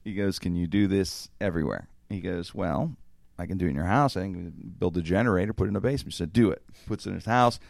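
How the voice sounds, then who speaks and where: A man with a low, gravelly voice tells a rambling story on a podcast. He swears freely and acts out each quote in the chat, recorded close and dry. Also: quick pace, few pauses, a little mellow, no echo. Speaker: podcast host.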